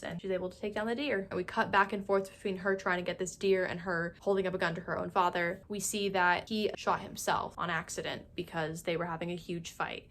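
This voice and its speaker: A young woman casually recapping a TV show, animated and gossipy, with lots of "like" and frequent laughs. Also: medium pitch. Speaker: YouTube TV recap host. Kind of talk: casual, chatty episode recap.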